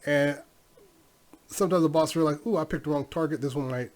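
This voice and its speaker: A man's voice: a little high, brisk, a little mellow. Blunt, rambling middle-aged man. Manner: blunt, rambling storytelling with fillers. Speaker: podcast host. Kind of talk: casual solo podcast monologue.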